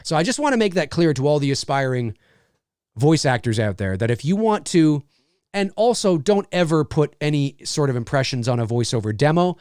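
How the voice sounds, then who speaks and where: A man hosting a casual livestream, talking in an animated, rambling way with lots of restarts. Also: on the high side, a little fast, clean tone, no room sound, studio quality. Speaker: host and voice actor.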